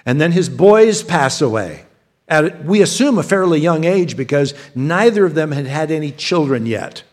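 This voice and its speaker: A man preaching a sermon in a chatty, unpolished way, his voice sitting a little higher than most men's. He stumbles over and repeats words as he restarts his sentences. He turns often to speak straight to the congregation. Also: expressive, moderate pace. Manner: conversational, frequent word repeats and restarts; addresses the congregation directly. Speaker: pastor.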